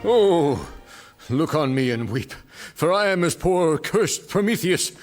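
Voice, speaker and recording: A man's voice: on the high side, animated, takes it slowly, faint music behind. An actor playing a self-pitying, jobless young father who talks in a pompous, theatrical, whiny way. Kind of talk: radio sitcom acting.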